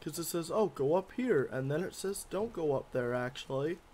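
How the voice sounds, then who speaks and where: A man's voice: on the high side, expressive, moderate pace, a little mellow, slight background noise. A man giving gameplay commentary as a gaming YouTuber, grumbling and easily irritated.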